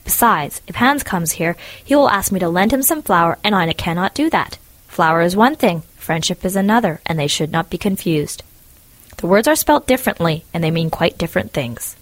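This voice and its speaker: A woman's voice: lowish voice, animated, normal speed, no echo. A woman voicing a selfish, self-serving miller in a storybook reading, who talks in a preachy, sanctimonious way about friendship. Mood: lecturing.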